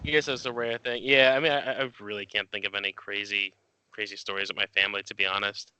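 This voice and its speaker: A young man with a New Jersey accent, telling a family story in casual chat as co-host, animated and laughing. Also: on the low side, fast, clean tone, poor audio. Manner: animated storytelling with laughs and loud acted quotes.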